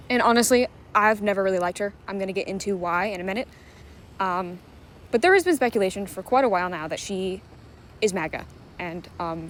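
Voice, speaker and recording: A woman giving casual online commentary, talking frankly with lots of fillers and swearing. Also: medium pitch. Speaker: commentary YouTuber.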